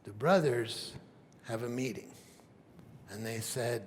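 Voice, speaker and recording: A man's voice: mid-range voice, slow pace, long pauses, long reverb tail, a little hiss or hum. A man preaching a sermon as pastor, retelling a Bible story in a casual, conversational way. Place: church sanctuary.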